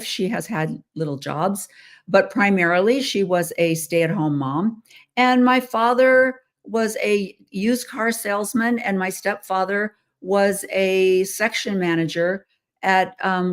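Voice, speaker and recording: A middle-aged American woman talks to her viewers in a loose, rambling way, often pausing on "um" and slipping in small laughs. Her voice sits a little on the low side. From United States. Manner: chatty, rambling, frequent ums and laughs. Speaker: host. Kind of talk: casual monologue.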